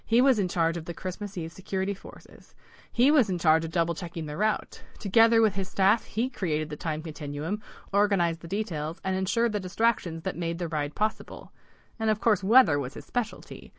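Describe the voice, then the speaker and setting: A woman narrating a holiday story in a calm, measured way. Her voice is on the low side, recorded close and dry with no room sound. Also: dry recording. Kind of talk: scripted narration of a children's story.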